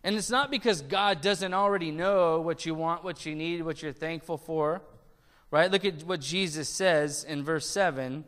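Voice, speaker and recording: A man preaching a sermon, his voice pitched high and bright with a crisp, resonant clarity. He talks to the congregation conversationally, tossing out rhetorical questions and small jokes. A long hall reverb trails behind each phrase. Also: moderate pace. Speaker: pastor.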